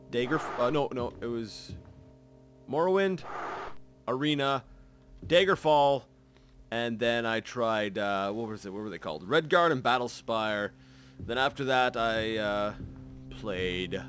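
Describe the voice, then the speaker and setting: A man commentates his gameplay in a casual, rambling way. He stops and restarts often, piling up fillers, and his pitch rises and falls a lot. Faint guitar music plays behind him. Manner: rambling, self-correcting, many fillers. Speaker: let's play host.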